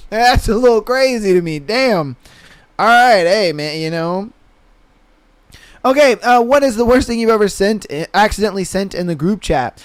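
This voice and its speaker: Young man hosting a podcast: high, smooth voice, laid-back slang, quick to laugh, dry close sound. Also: no echo. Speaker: podcast host. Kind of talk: casual solo podcast commentary.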